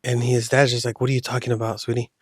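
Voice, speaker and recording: A man's voice: medium pitch, level tone, fast, husky, no room sound, studio quality. A man hosting a podcast, telling a horror story in a loose, casual way with slang. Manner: loose, rambling retelling with slang.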